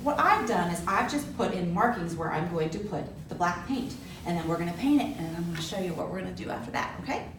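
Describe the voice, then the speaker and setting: A woman presenting a children's library program, animated and gasping with exaggerated delight. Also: fairly low pitch, quick pace, hardly any pauses. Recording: roomy echo, distant mic, faint hiss.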